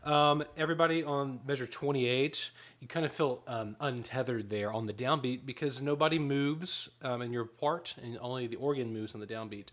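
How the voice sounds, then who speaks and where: A man's voice: medium pitch, moderate pace, fairly bright tone. A man leading a choir rehearsal, giving directions between short sung demonstrations. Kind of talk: rehearsal instruction.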